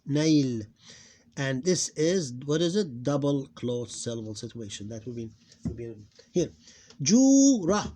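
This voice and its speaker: A man teaching a phonics lesson, slowly repeating each syllable and stressing it loudly. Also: mid-range voice, fairly even intonation, slight background noise. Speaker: Arabic teacher.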